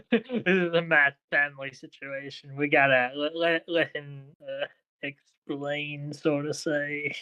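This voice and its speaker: A man's voice: a little high, fairly even intonation, slow, bright, forceful tone, clear, resonant tone, lo-fi sound. A man playing a tabletop game, stammering and hesitant as he talks in character. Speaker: player.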